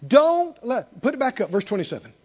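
High-voiced preacher man, dull recording. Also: sing-song, a little fast. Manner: swings from quiet intimate storytelling to loud emphatic exhortation; leads call-and-response with the congregation. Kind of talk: sermon.

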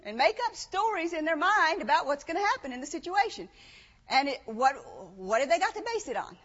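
Woman preacher, high voice, conversational sermon, rhetorical questions, dull lo-fi recording. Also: very animated, fairly quick, a bit bright. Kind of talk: sermon with scripture reading. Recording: dull lo-fi sound, long hall reverb.

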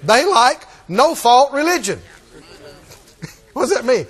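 A man's voice: extremely high pitch, big pitch swings, takes it slowly, pauses often, fairly bright tone, husky, big-room sound. A man preaching a rousing, emphatic sermon and calling out to his congregation.

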